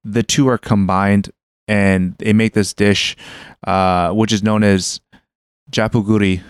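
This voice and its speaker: Guy cohosting a chatty podcast, lowish smooth voice, dry close sound, lots of "like"s. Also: steady tone, slow, no echo. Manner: explanatory, loose with fillers and restarts. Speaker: podcast co-host. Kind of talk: casual chat.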